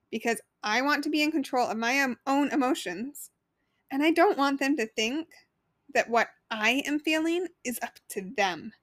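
A woman's voice: sits high, fairly bright tone, dry recording, studio quality. A woman in her thirties hosting a solo podcast as a life coach, talking earnestly and conversationally and asking the listener questions.

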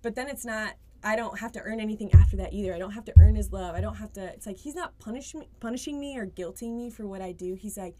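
A woman's voice: mid-range voice, fast, few pauses, mellow. Casual faith chat, young woman, earnest and filler-heavy. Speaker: podcast guest.

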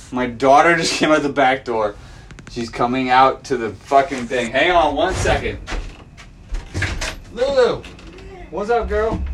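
Cursing guy ranting on his podcast, bright edgy voice, pitch all over the place. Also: slight background noise. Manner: foul-mouthed, swings from loud outbursts to low mutters. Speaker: podcast host. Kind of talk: profane fan rant. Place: home backyard.

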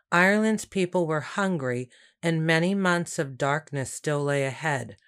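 Woman narrator, low voice, slow pace, smooth and clear, measured storytelling.

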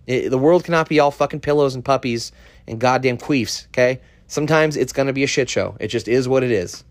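A man's voice: mid-range voice, brisk, no echo. A man hosting a solo podcast, ranting in an irritated, profane way. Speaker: podcast host.

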